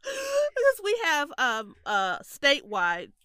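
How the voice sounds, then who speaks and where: A woman co-hosting a casual chat podcast, emphatic and quick to laugh. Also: high voice, no room sound, clean studio sound. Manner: animated, laughs often, emphatic. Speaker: podcast co-host.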